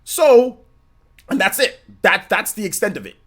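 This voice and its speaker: A young man hosting a gaming livestream, telling a story in a casual, animated way, laughing and exclaiming as he thanks viewers. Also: high-pitched, measured pace, slightly rough. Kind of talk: casual storytelling with chat shout-outs.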